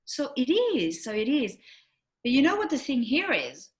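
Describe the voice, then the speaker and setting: This middle-aged relationship coach has a high voice and speaks at a moderate pace. In casual chat she's a lively storyteller, slipping into the roles of the people she describes and acting out what they said.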